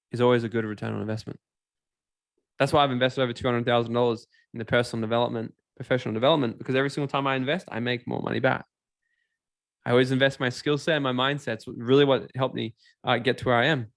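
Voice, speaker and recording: Guy giving a motivational money seminar, gravelly voice a bit on the high side, dry close sound. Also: no echo. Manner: animated, acts out characters and quizzes the audience. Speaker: seminar speaker.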